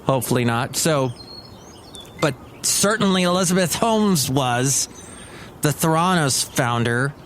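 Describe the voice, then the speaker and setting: Rambling, excitable man hosting a podcast. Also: fairly high pitch, a little slow, slight background noise. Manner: rambling, excitable, grumpy jokes. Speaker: podcast host. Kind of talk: casual solo podcast monologue.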